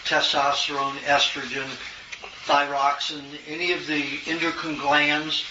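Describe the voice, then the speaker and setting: An older man from the American South answering questions from an audience in a relaxed, storytelling way, chuckling now and then. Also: a little high, measured pace. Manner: folksy storytelling, chuckles often. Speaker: health lecturer. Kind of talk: casual Q&A talk. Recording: roomy, distant, muffled, noisy room recording.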